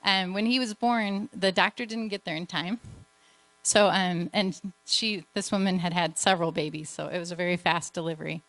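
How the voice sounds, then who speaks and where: A woman's voice: fairly low pitch, steady tone, normal speed, fairly bright tone, no echo. A woman missionary giving an earnest, emotional testimony to a church. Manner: earnest storytelling, emotional at times.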